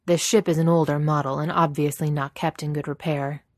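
A woman reading aloud, voicing a booming male warlord in armor, stern and cold. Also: steady tone, brisk, no echo, clean studio sound, close to an everyday voice. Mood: dismissive.

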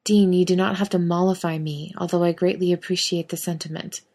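A woman's voice: fairly low pitch, steady tone, a little fast, a little mellow. A woman reading fan fiction aloud, voicing a solemn ancient male angel who speaks in a formal, stiff, earnest way.

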